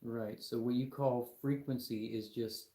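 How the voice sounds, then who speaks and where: Young man, livestream host, argumentative lecturing, mellow tone, echoey room. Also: mid-range voice, steady tone, a little slow. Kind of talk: live stream talk to chat viewers.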